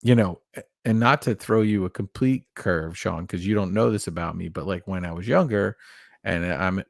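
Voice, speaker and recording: A man's voice: sits low, no echo, studio quality. A man co-hosting a podcast, chatting casually in an earnest, reflective way and thinking aloud with restarts. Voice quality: gravelly. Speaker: podcast co-host. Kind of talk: casual chat.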